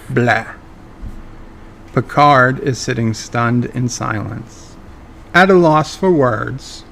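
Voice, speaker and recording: Slow-talking man speculating about a series. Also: medium pitch, vocal fry, a bit bright, slight background noise. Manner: self-deprecating about his impressions. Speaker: video host. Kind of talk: speculative fan commentary.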